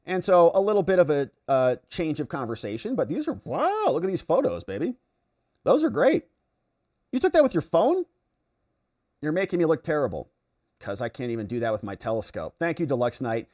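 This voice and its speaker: Animated American man hosting a livestream. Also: fairly quick. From United States. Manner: animated, swings between excited outbursts and low mutters. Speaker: livestream host. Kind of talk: political commentary livestream reading viewer chat.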